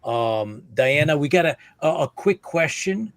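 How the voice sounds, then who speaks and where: A man's voice: on the high side, expressive, unhurried, no room sound. A man hosting a live stream, praising his guest eagerly and reading out a viewer's question. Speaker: host.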